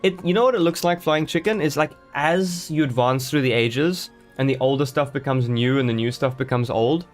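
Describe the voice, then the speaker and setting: A man's voice: medium pitch, moderate pace, hardly any pauses, soft background music. A man chatting live to his viewers while playing a game, rambling and joking as he goes, greeting people in chat. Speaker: streamer.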